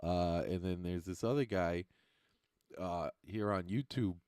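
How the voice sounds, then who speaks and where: A man with a fairly low voice talks loosely to his livestream viewers. He rambles, swears freely and keeps laughing at his own jokes, all in a dry, close sound with no room echo. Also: measured pace, a little mellow, clear, resonant tone. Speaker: stand-up comedian and livestreamer. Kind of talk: casual livestream chat with viewers.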